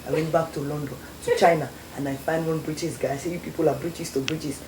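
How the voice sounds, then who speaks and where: A woman's voice: low voice, fairly even intonation, fast talker. A young Sierra Leonean woman telling her story as a guest, acting out the voices of people she quotes. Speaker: guest, former beauty queen. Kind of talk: storytelling interview. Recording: echoey studio with faint noise.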